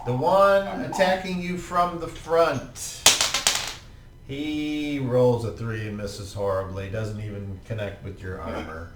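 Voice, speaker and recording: A man's voice: medium pitch, slow pace, noisy background. A man running a tabletop game as game master, narrating attacks in a laid-back, profane, vivid way. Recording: roomy, distant mic with faint ambience.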